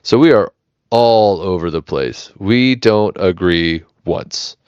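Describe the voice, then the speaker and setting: American male host, very deep and smooth, loose joking delivery, dull dry mic. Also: slow, a little mellow, no echo. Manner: rambling, self-correcting, joking. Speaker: podcast host keeping the notes. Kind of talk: casual chat.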